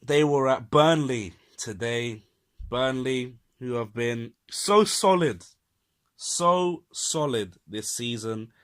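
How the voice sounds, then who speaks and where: A man's voice: mid-range voice, slow pace, a bit bright, clear, resonant tone. A man co-hosting a casual football podcast, quoting stats with dry, wry asides. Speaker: podcast co-host.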